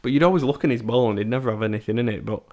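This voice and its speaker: A man's voice: medium pitch, racing, a little mellow. Chatty young man. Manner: chatty, laughing storyteller with stammering restarts. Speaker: podcast host. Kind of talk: casual chat.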